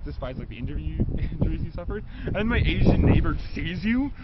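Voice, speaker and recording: Teen boy, high voice, rambling comic storyteller, muffled noisy recording. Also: animated. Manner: fast filler-heavy telling with laughs, shouted quotes. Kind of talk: rambling improvised comedic story. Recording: dull lo-fi recording with noise.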